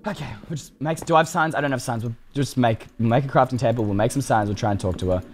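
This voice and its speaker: A young man commentating a game for his channel, excitable and ranting at what happens on screen. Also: medium pitch, fast talker, slight background noise. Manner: excitable, shouts and rants at the game. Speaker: gaming YouTuber. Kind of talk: Minecraft let's play commentary.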